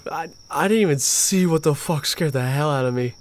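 A man's voice: on the high side, a little fast. A man streaming a horror game, reacting with jumpy outbursts and constant swearing. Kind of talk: horror game let's play commentary.

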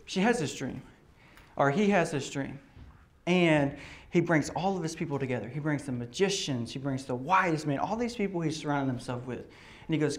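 A man's voice: fairly high pitch, moderate pace. A man pastor preaching a sermon in a casual, conversational way, acting out the characters' lines as he tells the story. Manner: animated storytelling, acts out quotes.

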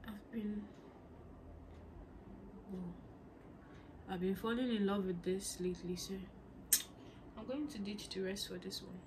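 A woman's voice: medium pitch, moderate pace, long pauses. A woman vlogging in a casual, chatty way, giggling and often half-whispering. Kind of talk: casual vlog chat. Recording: noisy background ambience.

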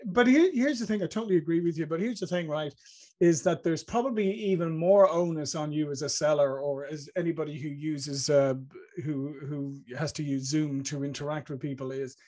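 A man's voice: a little high, moderate pace, a little mellow. A man with an Irish accent hosting an interview, chatting easily and telling anecdotes with a laugh. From Ireland. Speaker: host. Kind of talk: interview conversation.

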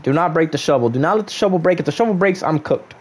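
A man's voice: fairly high pitch, animated, fast, slightly rough. A young man casually chatting on a gaming livestream, reading viewers' chat aloud and joking back at them.

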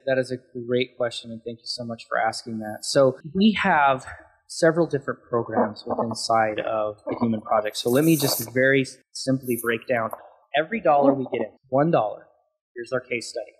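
A man's voice: medium pitch, moderate pace, slightly rough. A man speaking as a guest on an interview podcast, passionate and emphatic as he talks through his thoughts.

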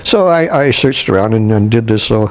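An older man from Canada, a veteran stage actor, recalling his career in an interview with halting restarts and chuckles. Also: lowish voice, lively intonation. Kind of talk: reminiscing interview.

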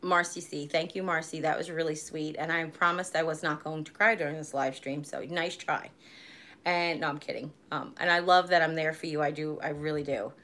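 A woman in her forties with a fairly low voice talks to her viewers in a loose, rambling way. She chats casually and laughs easily as she goes. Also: steady tone, brisk, a bit bright. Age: 40s. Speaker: vlogger hosting a live stream. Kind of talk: casual live-stream chat.

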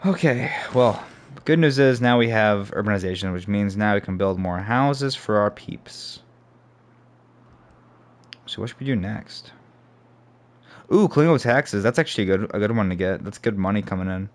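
A man's voice: fairly low pitch, lively intonation, normal speed, pauses often. A young man giving casual let's play commentary, thinking aloud and swearing as he plays. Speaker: gamer. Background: faint game music.

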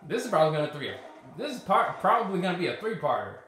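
A man commentating his own video game play, frustrated and swearing at the game, often shouting. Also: high-pitched, sing-song, fast, very echoey, faint music behind. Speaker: gaming YouTuber.

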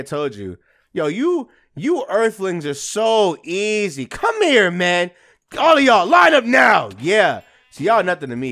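A young man giving casual, slangy gameplay commentary, trash-talking enemies and yelling at big moments. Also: mid-range voice. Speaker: gaming YouTuber.

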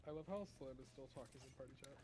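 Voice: medium pitch, rapid-fire. A teammate chatting casually and giving game callouts in a teasing, playful way. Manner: teasing and playful, lively delivery. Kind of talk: casual gaming chat and callouts.

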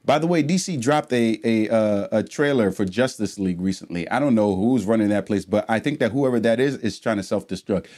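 A man's voice: a little fast, few pauses. Ranting, profane man vlogging his reactions. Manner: swings from low mumbling to heated loud outbursts. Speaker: reaction channel host. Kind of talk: casual reaction vlog commentary.

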